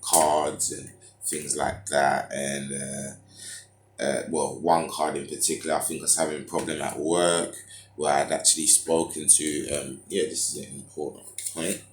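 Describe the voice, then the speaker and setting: A man's voice: extremely low pitch, flat delivery, measured pace, a little hiss or hum. A man telling a rambling personal story in slangy, loose talk full of fillers. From United Kingdom. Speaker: vlogger. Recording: echoey room.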